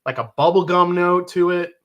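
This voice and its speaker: A man's voice: high voice, moderate pace, fairly bright tone, highs cut off. A middle-aged man co-hosting a casual bourbon tasting, chatty and prone to restarts as he tells a story. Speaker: podcast co-host.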